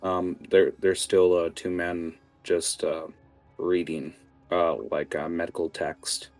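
A man narrating as game master of a tabletop game, halting and full of fillers. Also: sits low, flat delivery, faint music behind. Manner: hesitant, many fillers.

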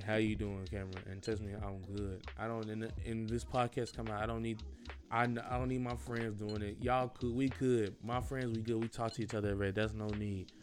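A man's voice: mid-range voice, slight background noise. A young man hosting a solo podcast, talking casually in an earnest, rambling way, full of slang and repeated phrases. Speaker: podcast host.

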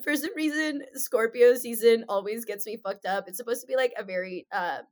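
A woman's voice: on the high side, fairly quick. A woman in her mid twenties co-hosting a podcast, chatting casually with slang, swearing and frequent laughter. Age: mid 20s. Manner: giggly, slangy, profane. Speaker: podcast co-host. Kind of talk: casual chat.

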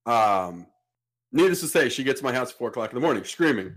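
A man's voice: mid-range voice, fast. A man hosting a podcast, telling a story in a casual way and acting out the people in it. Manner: animated, acts out the people in his story. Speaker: podcast host.

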